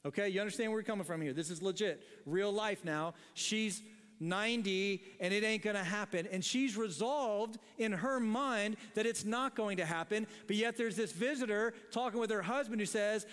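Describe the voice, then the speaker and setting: A man's voice: high voice, normal speed, fairly bright tone, clear, resonant tone, long reverb tail. A man preaching a sermon as pastor in a church, in a casual, joking way, often laughing at his own lines. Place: church sanctuary.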